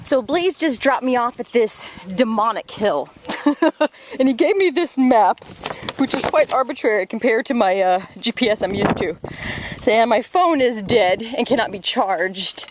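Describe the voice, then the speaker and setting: Upbeat woman vlogging outdoors, high voice. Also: expressive, moderate pace, noisy background. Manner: upbeat, motivational, laughs often. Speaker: vlogger, fitness doctor. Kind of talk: walking vlog to camera. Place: outdoors in a rainforest.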